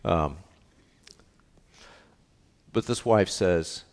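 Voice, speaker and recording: Middle aged guy preaching, low voice, jokey, punches lines twice. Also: lively intonation, normal speed. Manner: emphatic, jokey, repeats key lines. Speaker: pastor. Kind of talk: sermon.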